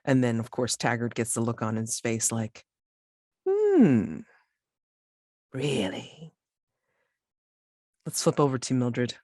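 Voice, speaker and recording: A woman running a tabletop game as game master, narrating slowly and hesitantly, with many restarts. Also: rumbling low, steady tone, a little mellow, no echo, studio quality.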